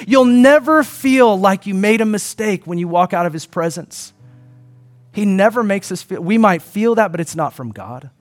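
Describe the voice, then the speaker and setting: Middle-aged male pastor, slightly high-pitched, relaxed conversational sermon delivery. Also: normal speed. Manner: conversational, earnest, acts out quoted voices.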